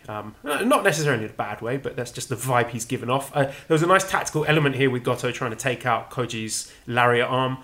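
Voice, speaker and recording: A man with a bright, forward voice co-hosts a casual chat podcast. He walks through each moment in a steady, analytical way, dropping in dry, wry asides. His pitch sits right in the middle for a man. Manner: measured, wry play-by-play recap. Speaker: podcast co-host. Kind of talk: casual wrestling review chat.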